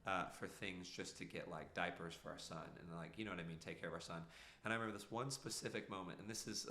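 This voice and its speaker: Deep-voiced guy in his 30s, bright edge, echoey room, earnest and rambly. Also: a little hiss or hum. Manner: earnest, rambling with many fillers. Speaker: podcast guest. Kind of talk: casual storytelling.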